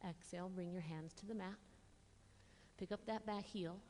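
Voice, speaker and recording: A woman teaching a yoga class, giving calm, encouraging step-by-step cues while slightly out of breath. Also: lowish voice, normal speed, big-room sound, a little hiss or hum. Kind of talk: guided yoga class instruction.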